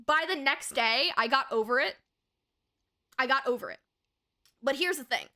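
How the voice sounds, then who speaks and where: A woman's voice: high voice, lively intonation, normal speed, pauses often, bright, forceful tone. A young woman streamer telling a story in casual, rambling chat, full of fillers, laughter and swearing, at a home desk mic.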